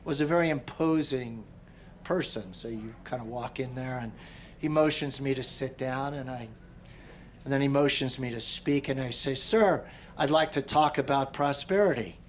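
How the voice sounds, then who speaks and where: A middle-aged man teaching a meditation class, telling a personal story in a relaxed, conversational way and often clearing his throat. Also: mid-range voice, moderate pace, a little hiss or hum. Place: large tent at an outdoor gathering.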